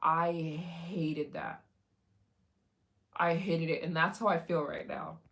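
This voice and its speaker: A woman's voice: sits low, fairly even intonation, slow, a bit bright. A young adult woman hosting a casual livestream, chatting with viewers in a rambling way with many fillers and restarts. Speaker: livestream host.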